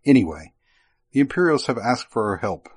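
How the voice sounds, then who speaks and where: A man playing a gruff spy chief. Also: mid-range voice, very animated, a little fast, no echo. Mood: businesslike. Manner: gruff, businesslike. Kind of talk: audiobook character voice.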